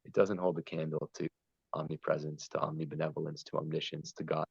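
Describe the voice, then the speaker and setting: A man's voice: rumbling low, flat delivery, brisk, gravelly, slightly rough, no echo, highs cut off. A man talking earnestly and at length in a spiritual conversation, wandering between ideas and stories. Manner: meandering, earnest, storytelling. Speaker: podcast guest.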